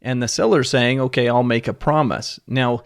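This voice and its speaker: A man with a mid-range voice explains a finance topic plainly on a podcast. He keeps a steady, even delivery and stops now and then to check that his listener is following. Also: mid-range voice, normal speed. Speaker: podcast host explaining options.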